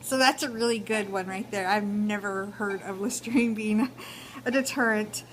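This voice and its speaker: A woman's voice: mid-range voice, moderate pace, a bit bright, slight background noise, rough recording. A young woman with a Texan accent giving casual advice in a vlog, talking chattily with many fillers. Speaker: vlogger.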